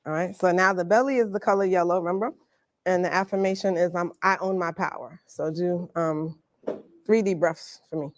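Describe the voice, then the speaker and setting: A woman's voice: on the low side, fairly even intonation, a little fast, no echo. Chatty woman leading a workshop. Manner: chatty, laughs often, casual slang. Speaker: Reiki coach leading a workshop. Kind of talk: live workshop demonstration. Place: workshop room with an audience.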